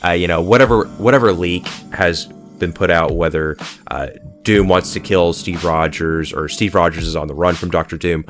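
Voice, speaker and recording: Man, deep low voice, rambling profane rant, lots of fillers, faint music behind. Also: normal speed, fairly bright tone. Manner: rambling, profane, heavy use of "like" and "uh". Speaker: pop culture commentator. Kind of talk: ranting solo video commentary.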